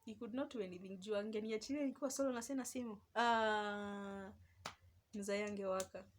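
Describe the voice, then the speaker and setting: A young woman with a Kenyan accent, telling a personal story in a lively, casual vlog and slipping between Swahili and English. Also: mid-range voice, brisk, a little hiss or hum. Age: young adult. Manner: animated, mixes Swahili and English. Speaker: vlogger.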